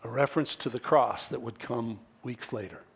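A middle-aged male pastor preaching a sermon, deliberate and measured, dropping to near-whispers and then rising to emphatic peaks. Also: mid-range voice, vocal fry, husky. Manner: slow, deliberate preaching that swings from quiet to emphatic.

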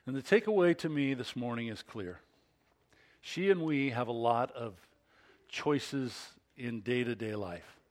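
A male pastor preaching a sermon in an expressive way, acting out scripture scenes. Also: medium pitch, a little slow.

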